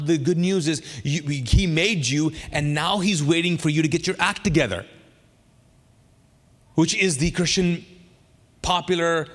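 A man preaching a sermon as pastor, lively and chatty, acting out funny stories with sudden loud bursts. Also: fairly high pitch, big-room sound. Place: church sanctuary.

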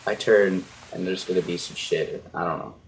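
A young man commentating a horror game as he plays, panicky and swearing, yelling at the enemies on screen. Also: sits low, moderate pace, creaky, slight background noise. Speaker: gaming YouTuber.

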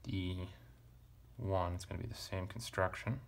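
A man teaching ancient Greek grammar at a relaxed pace, thinking aloud and correcting himself with casual asides. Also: deep voice, normal speed, vocal fry. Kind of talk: relaxed verse-by-verse parsing lesson.

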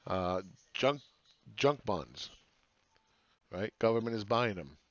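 A man's voice: fairly low pitch, animated, takes it slowly, no room sound, lo-fi sound. A man hosting a casual monologue on the economy, talking bluntly with profanity and rhetorical questions. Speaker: market analyst host.

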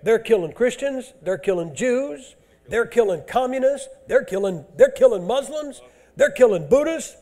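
Man preaching, high voice, mellow tone, blunt and emphatic. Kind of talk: sermon.

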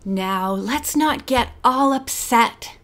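Woman reading as a smooth soothing grown man, kinda patronizing, audiobook. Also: on the high side, big pitch swings, moderate pace, a bit bright. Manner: soothing, reassuring.

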